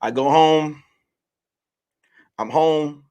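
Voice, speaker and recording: A man in his late thirties hosting a casual monologue for his listeners, telling stories in a loose, animated way and swearing freely. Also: on the high side, drawn-out words, clean tone. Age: late 30s. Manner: profane, animated storytelling. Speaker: podcast host.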